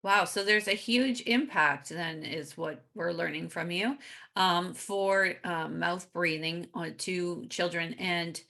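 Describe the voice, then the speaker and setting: A woman's voice: on the low side, takes it slowly, gravelly, bright, forceful tone. A woman hosting an interview, asking questions hesitantly with many ums and uhs. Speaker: interview host.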